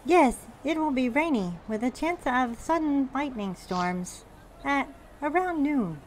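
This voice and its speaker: A woman running a tabletop game as game master, narrating hesitantly with many pauses. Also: high voice, lively intonation, a little mellow, slight background noise.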